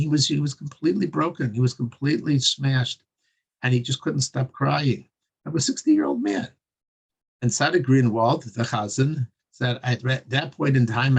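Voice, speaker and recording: A man's voice: medium pitch, creaky, breathy edge. Earnest male religious storyteller. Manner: earnest, conversational, with many pauses.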